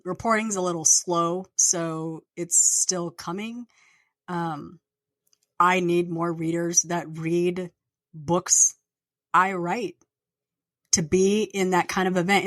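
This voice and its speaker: A woman with a lowish voice talks into a podcast microphone, unscripted and candid. She rambles and vents, trailing off with fillers. The sound is dry and close, with no room around her. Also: dry recording. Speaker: podcast host and author. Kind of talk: casual solo podcast rant. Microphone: plugged-in podcast microphone.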